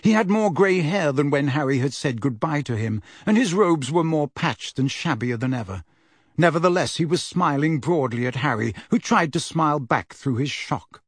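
A man reading a fantasy storybook aloud in an expressive, animated narration. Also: a little high, moderate pace, breathy edge, no room sound, clean studio sound. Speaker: audiobook narrator.

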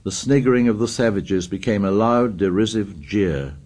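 Low-voiced male audiobook narrator. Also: moderate pace, a little mellow. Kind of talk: scripted narration.

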